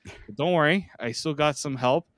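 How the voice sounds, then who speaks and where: A man's voice: on the high side, normal speed, fairly bright tone, no room sound. A man hosting a daily hockey podcast, chatting casually and joking with his co-host. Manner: chatty, jokey, self-deprecating. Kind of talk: casual sports podcast chat.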